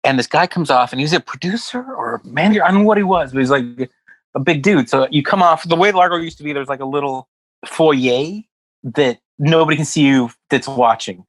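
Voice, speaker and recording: A man's voice: fairly high pitch, fairly quick, no echo, rough recording. Rambling storyteller man, dry sound. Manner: rambling, animated storyteller acting out quotes. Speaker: comedian guest. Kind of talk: casual podcast chat, storytelling. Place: West Hollywood.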